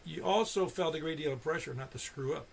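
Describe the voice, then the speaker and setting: A man's voice: on the high side, a little fast, gravelly, very noisy. An older man hosting an amateur radio net, telling stories in a rambling, casual way full of restarts. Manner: rambling storyteller with many restarts. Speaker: net control host. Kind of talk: casual ham radio chat.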